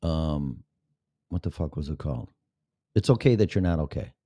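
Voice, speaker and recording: A man with a deep, low voice talks to his live podcast audience in a loose, rambling way, swearing freely and joking with heavy sarcasm. The sound is dry and close, with no room around it. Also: animated, normal speed, warm tone, no echo. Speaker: podcast host. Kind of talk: casual live-stream monologue.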